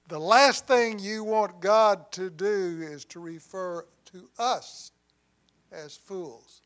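A man delivering a sermon in a high voice at an unhurried, deliberate pace. He swings from loud emphasis down to hushed, quiet lines and slips in humorous asides along the way. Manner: deliberate preaching with dramatic swings in volume, dropping to near quiet on key lines. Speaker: pastor.

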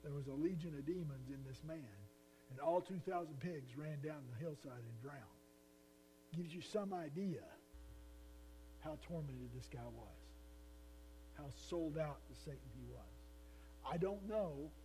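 An earnest male pastor preaches with emphasis, putting questions to his listeners. His voice is somewhat high yet mellow and warm, with a faint mains hum under the recording. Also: unhurried, long pauses, poor audio. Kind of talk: sermon.

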